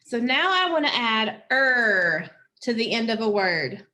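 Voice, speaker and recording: A woman teaching a phonics lesson, slowly and patiently sounding out words and syllables for children. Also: on the high side, big pitch swings, pushed and bright.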